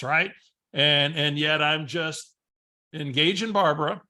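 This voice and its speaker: A man coaching real estate agents in an online session, with a bright, forceful voice pitched a bit high. He tells stories in an animated, conversational way and slips into dialogue as he goes. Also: a little slow. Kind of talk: coaching webinar with storytelling.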